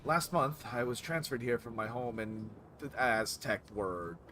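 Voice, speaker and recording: A man voicing a nervous female corporate executive with a put-on German accent, speaking in a measured, grave way. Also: mid-range voice, expressive, sharp tone, a little hiss or hum. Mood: composed. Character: nervous middle-aged woman corporate executive.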